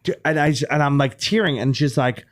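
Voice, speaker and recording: A man's voice: on the high side, brisk. A middle-aged man, a comedian guest on a podcast, telling a personal story in casual chat, candid and swearing freely.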